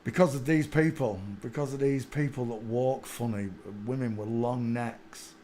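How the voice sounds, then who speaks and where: A man hosting a live stream, rambling through a monologue and now and then bursting into excited shouts. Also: medium pitch, normal speed, slight background noise. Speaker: livestream host.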